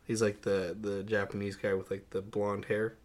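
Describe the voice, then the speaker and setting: A young man co-hosts a laid-back movie podcast. He reads through his notes with plenty of "uh"s and laughs often. He turns lively and excited when something strikes him. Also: on the low side, moderate pace. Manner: animated, laughs often, lists notes with many "uh"s. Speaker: podcast co-host. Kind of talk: casual movie-review chat.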